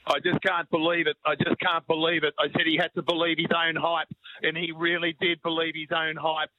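A man's voice: fairly high pitch, monotone, brisk, no echo. A man calling in to radio, amazed but breaking the fight down. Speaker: podcaster, radio caller. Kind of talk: phone-in boxing analysis. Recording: dry tinny phone line.

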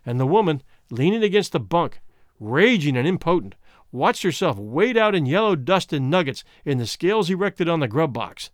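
A man narrates a classic short story in a measured, expressive way. His voice sits slightly high and rises and falls a great deal. The recording is close and dry. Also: dry recording. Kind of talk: scripted audiobook narration.

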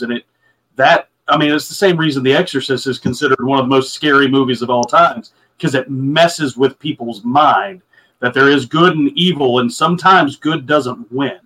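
A man's voice: mid-range voice, a bit bright, low-quality recording. Enthusiastic man, stumbling restarts. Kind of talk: casual podcast discussion.

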